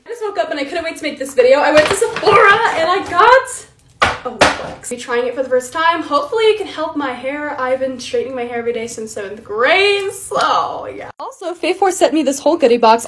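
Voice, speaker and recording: A young woman vlogger gushes to her followers in quick, breathless bursts. Her voice sits high and bright, with a faint hiss in the background. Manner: gushing, excitable, chatty. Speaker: social media creator. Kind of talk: casual vlog talk to camera.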